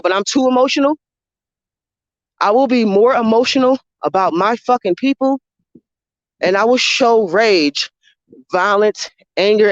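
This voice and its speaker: A woman's voice: mid-range voice, no echo, highs cut off. Woman ranting heatedly into a phone. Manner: heated, profane, repetitive. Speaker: livestreamer. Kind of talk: live-streamed rant to viewers.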